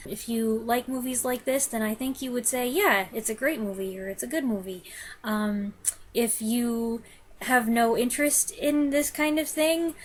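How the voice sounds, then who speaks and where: Slow, high-voiced woman film reviewer. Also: steady tone, slight background noise. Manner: stumbles over lines, restarts, laughs at herself. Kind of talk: blooper reel of review takes.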